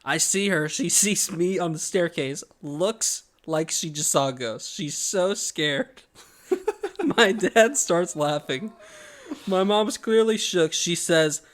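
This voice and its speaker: A man co-hosting a casual podcast, telling a family story in a lively way and laughing as he goes. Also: high-pitched, slow pace. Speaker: podcast co-host. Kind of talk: casual chat.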